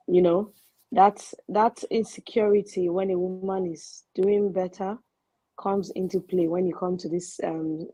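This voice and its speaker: A woman calling in to share a personal story, speaking softly and hesitantly over a faint, breaking line. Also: on the low side, vocal fry, slightly rough, muffled recording. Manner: hesitant, soft-spoken. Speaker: caller. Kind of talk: sharing a personal story on a call-in show. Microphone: remote call line. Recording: faint, breaking call audio.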